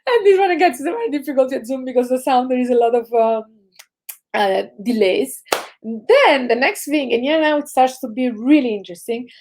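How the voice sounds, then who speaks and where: A woman's voice: high voice, moderate pace, noisy background. A woman with an Italian accent, teaching a laughter yoga session over a video call, explaining and leading chanted exercises. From Italy. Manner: energetic, instructive, chanting ho ho ha ha. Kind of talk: guided group exercise session.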